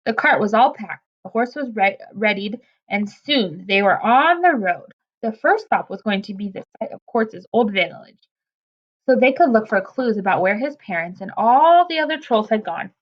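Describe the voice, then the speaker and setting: A woman reads a children's chapter book aloud at a medium pitch. She is expressive and makes occasional slips. The recording sounds dull and lo-fi. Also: moderate pace. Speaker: storybook reader.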